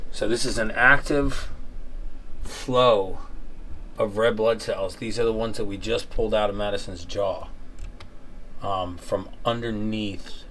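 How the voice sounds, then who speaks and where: A low-pitched man explains at an easy pace, his words slightly thick from the gauze in his mouth and his numb tongue. A faint hum of ambience sits behind him. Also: fairly bright tone. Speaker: host, patient after tooth extraction. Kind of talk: casual explanation at a microscope.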